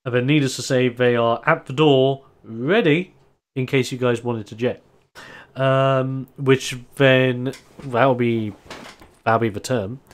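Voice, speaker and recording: Animated man narrating a tabletop game. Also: medium pitch, slow. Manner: animated narration, laughs often. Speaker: game master.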